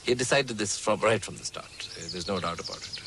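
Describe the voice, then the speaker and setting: A man's voice: on the low side, fairly quick, noisy background. A man giving interview testimony in a hesitant way, full of fillers.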